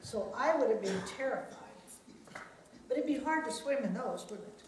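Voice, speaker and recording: Give me a woman telling children a Bible story in a very echoey room, with a slightly high voice. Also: expressive, moderate pace, distant mic, noisy background. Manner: gentle, asks the children questions. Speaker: children's sermon leader.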